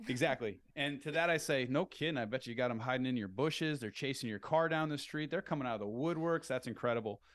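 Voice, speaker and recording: A middle-aged man as a podcast guest, explaining sales tactics in an animated way and acting out phone calls in upbeat voices. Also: mid-range voice, quick pace, few pauses. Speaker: real estate entrepreneur guest.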